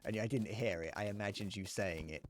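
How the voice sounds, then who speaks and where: A British man with a lowish voice talks fairly quickly while gaming and chatting casually to his live-stream audience. He rambles and makes crude remarks, answering chat with frequent restarts. A little hiss or hum is audible.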